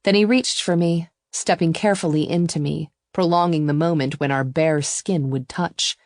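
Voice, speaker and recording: A woman narrating a first-person romance audiobook in an even, intimate storytelling voice. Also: deep voice, moderate pace, no room sound, clean studio sound.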